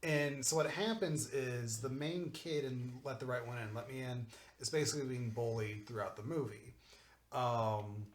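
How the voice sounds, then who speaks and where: A man of mid pitch talking things through at length on a casual podcast, looping with "like" and "it's one of those things". His voice rings a little in an echoey room. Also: moderate pace, a little hiss or hum. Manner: rambling, explains at length with lots of "like". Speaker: podcast co-host. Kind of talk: casual group chat. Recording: roomy echo.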